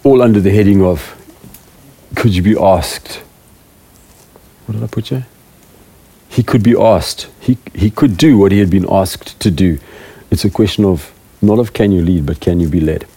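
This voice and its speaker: A man's voice: deep voice, moderate pace, pauses often, mellow, breathy edge. A middle-aged man, a preaching elder, giving a rambling, self-deprecating talk to a small group of church leaders. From South Africa.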